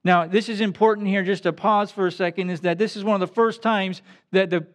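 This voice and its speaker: High-voiced man explaining scripture casually. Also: steady tone. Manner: pauses to explain in plain everyday words. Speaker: preacher. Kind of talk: scripture reading with casual commentary.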